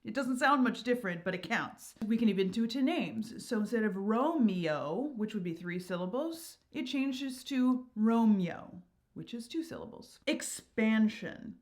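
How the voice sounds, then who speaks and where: Woman, higher-pitched voice, upbeat, teacherly, explaining verse. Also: expressive, normal speed, hardly any pauses. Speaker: channel host.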